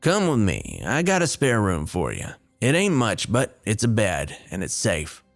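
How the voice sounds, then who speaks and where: A man voicing a kind but stern fishing guide in his forties, with a Southern Florida accent and a gruff, fatherly, folksy way of talking. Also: lowish voice, huge pitch swings, a little slow, soft background music, heavily acted. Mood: scolding. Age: 40s.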